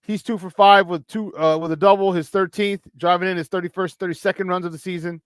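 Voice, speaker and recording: A man from hosting a casual morning sports talk show, rambling and excitable, breaking into laughs. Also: high voice, fast, clean tone, dry recording, studio quality.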